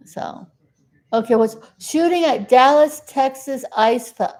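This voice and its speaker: In an unhurried, high-pitched voice, a South Florida vlogger rambles casually to the camera and talks to her dog. She has a folksy manner, with abrupt loud outbursts followed by sheepish apologies.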